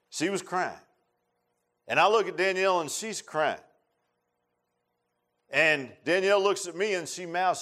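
A middle-aged preacher man with a somewhat high voice. He talks in a folksy, repetitive way and climbs into loud, emphatic bursts as he drives his points home. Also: animated, moderate pace. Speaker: pastor. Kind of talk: sermon.

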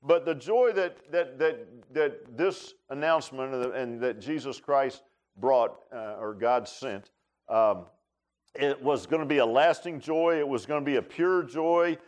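A man's voice: medium pitch, unhurried, darkish tone. A man preaching a conversational sermon as pastor, with many fillers and repeated words.

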